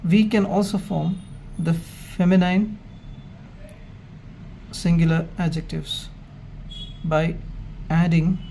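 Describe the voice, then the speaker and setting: A man with a gravelly, mellow voice teaching a grammar lesson. He speaks very slowly and methodically, pausing between phrases. Faint noise and passing traffic can be heard in the background. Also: a little high, fairly even intonation. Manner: measured, stepwise explaining with pauses. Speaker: Hebrew grammar lecturer.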